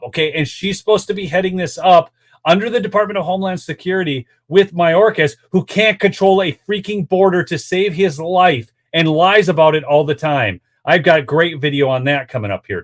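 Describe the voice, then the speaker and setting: A man's voice: on the high side, moderate pace. A man hosting a political commentary show, talking straight to his viewers in a worked-up, exasperated way between clips. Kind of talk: ranting commentary over clips.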